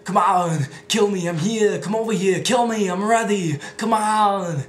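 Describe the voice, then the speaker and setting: A young man doing an impression of a famous muscular action-star man, gruff, booming and shouting in a thick put-on accent. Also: a little slow. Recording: echoey room with background noise.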